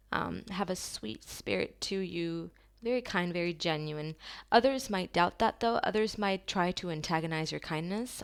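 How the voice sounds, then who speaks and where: A woman giving a channeled tarot reading to her viewers, talking softly and slowly in an affirming way, with long pauses. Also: fairly low pitch, vocal fry. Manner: soft, slow and affirming, with drawn-out pauses.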